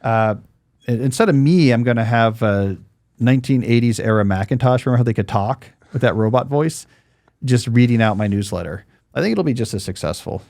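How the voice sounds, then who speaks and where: A man's voice: medium pitch, fairly quick, creaky, darkish tone, no room sound. A man in his forties hosting a podcast in casual chat, talking loosely with fillers, dry jokes and restarts, giving listener advice. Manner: chatty, dry joking, many fillers and restarts. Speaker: podcast host.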